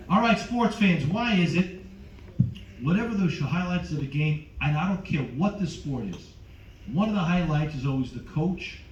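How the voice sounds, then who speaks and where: A male comedian works the crowd on a cruise ship stage, teasing them loudly, his slightly high voice jumping up in pitch. He sounds far from the mic in an echoey room. The sound is dull, with audience noise clearly heard behind him. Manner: loud, teasing crowd work with sudden jumps in pitch. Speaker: stand-up comedian. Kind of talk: stand-up comedy set.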